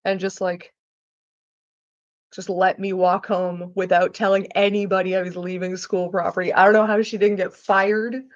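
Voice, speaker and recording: A woman's voice: medium pitch, flat delivery, normal speed, lo-fi sound. A woman chatting casually while she cooks, swearing freely and acting out the people she quotes. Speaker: vlogger. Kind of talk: casual storytelling while cooking. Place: home kitchen.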